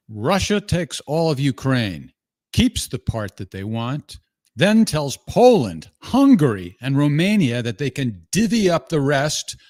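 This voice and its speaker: A man hosting a call-in show, briskly taking calls, joking with his guest and reading listener questions aloud. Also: medium pitch, darkish tone, no echo. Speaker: show host.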